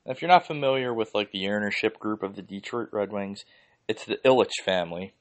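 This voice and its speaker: A man's voice: fairly low pitch, a little fast. A man from Philadelphia hosting a podcast, ranting casually and heatedly with lots of swearing and "like" fillers. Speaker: podcast host.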